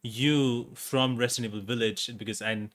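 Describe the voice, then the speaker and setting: A man hosting an interview, asking halting, enthusiastic questions. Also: medium pitch, steady tone, fairly bright tone. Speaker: interview host. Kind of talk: casual video call interview.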